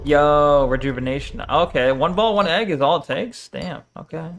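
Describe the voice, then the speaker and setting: A man with a slightly high voice, chatting loosely as he plays through a game on stream. He jokes, swears casually and answers chat in a relaxed, offhand way. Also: normal speed, lo-fi sound, music in the background. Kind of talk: casual live game commentary.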